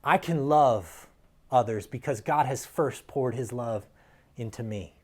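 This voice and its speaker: A man's voice: mid-range voice, unhurried. Earnest man preaching a sermon. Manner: earnest, emphatic preaching with soft drops and rising peaks. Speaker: pastor.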